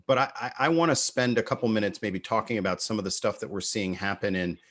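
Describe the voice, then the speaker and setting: Low-voiced casual male host. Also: fast talker, a bit bright. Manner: casual, hesitant phrasing with many fillers. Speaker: interview host. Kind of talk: conversational interview.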